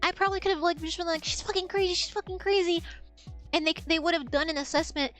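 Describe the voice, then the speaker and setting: A young woman streamer telling an animated, profane story in casual chat. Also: very high-pitched, quick pace, soft background music.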